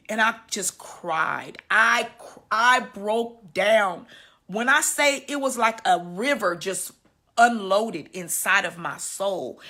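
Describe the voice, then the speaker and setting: Woman, 50s, personal testimony; bright, clear tone, halting and emotional. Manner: emotional, halting, often dropping soft and low. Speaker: women's healing teacher sharing her story.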